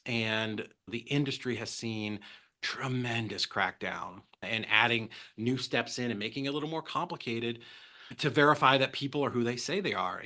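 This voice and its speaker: A man talking as a podcast guest, telling animated stories and acting out quotes with big jumps in pitch. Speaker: guest, real estate transaction coordinator. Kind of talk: casual podcast storytelling.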